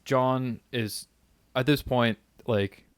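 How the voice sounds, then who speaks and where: A man co-hosting a podcast, recapping a film's plot in halting, reflective phrases. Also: medium pitch, steady tone, clear, resonant tone, dry recording, studio quality. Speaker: podcast co-host. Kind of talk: casual movie discussion.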